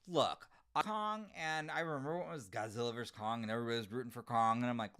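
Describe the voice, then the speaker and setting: A man hosting a casual livestream, answering chat comments in an animated, giggly way. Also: medium pitch, brisk. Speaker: livestream host reading chat.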